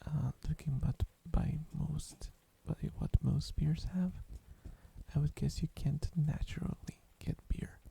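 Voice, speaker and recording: A man rambling in soft-spoken ASMR style, drowsy and meandering, often dropping into a whisper on a close microphone. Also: on the high side, steady tone, slow, creaky. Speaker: ASMR streamer.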